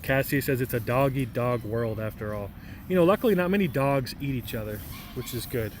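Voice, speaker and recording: A man's voice: medium pitch, a little fast, background noise. A young man livestreaming outdoors in a park, reading out chat messages in a rambling, joking, goofy way. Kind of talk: casual live vlog chat.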